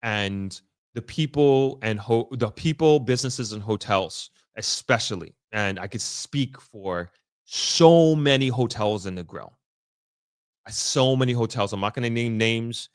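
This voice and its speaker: Unhurried and clean in tone, this mid-range male voice belongs to a vlogger giving an unscripted on-site update to viewers. He frequently stops and restarts while selecting his words thoughtfully, recorded in clean studio sound without echo.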